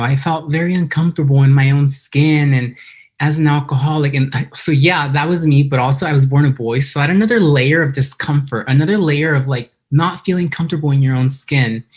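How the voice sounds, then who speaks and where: Earnest, emotional woman from San Diego. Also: low voice. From San Diego, California. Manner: emotional, earnest, a little nervous. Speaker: recovery meeting speaker. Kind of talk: personal recovery talk. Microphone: computer for an online video meeting.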